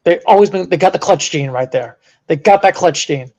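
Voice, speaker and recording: A man co-hosting a casual sports podcast, animated and prone to bursts of mock outrage. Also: on the high side, brisk, muffled recording. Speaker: podcast co-host.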